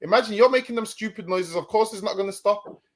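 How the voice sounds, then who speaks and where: A man with a notably high voice explains his point in a relaxed, conversational way. He stumbles and restarts often. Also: quick pace. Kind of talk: casual commentary.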